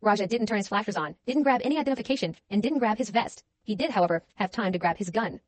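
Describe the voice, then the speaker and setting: A woman's voice: mid-range voice, lively intonation, quick pace, dry recording. A woman giving scripted true-crime narration in a pointed, sardonic tone.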